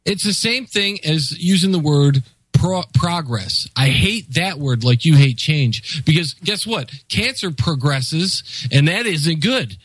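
A man's voice: a little high, expressive, slow, fairly bright tone, husky, no echo, poor audio. An American man co-hosting a casual political chat, exasperated and ranting. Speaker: podcast co-host.

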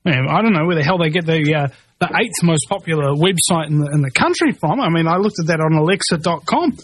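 A man rants in a high, tight voice. He rambles and keeps restarting his sentences. The sound is close and dry, with no room in it. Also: expressive, fast, breathy edge, no room sound. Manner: agitated, rambling, full of restarts. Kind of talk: ranting monologue.

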